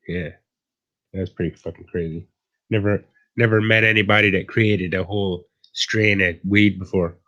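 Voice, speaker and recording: A man's voice: low-pitched, fairly even intonation, moderate pace, bright, forceful tone. A man with an Irish accent hosting a casual livestream chat, swearing and teasing in banter. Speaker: livestream host.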